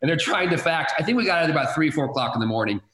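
A man's voice: a little high, expressive, racing, a bit bright, reverberant, poor audio. A man telling stories from his career in sports television, rambling with many repeated words and fillers. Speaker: guest, sports TV director. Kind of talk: casual chat.

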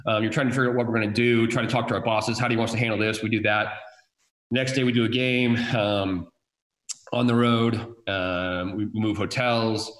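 A man who works as a TV sports director tells a story in a casual, halting and reflective way. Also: lowish voice, fairly even intonation, fairly bright tone. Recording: roomy echo.

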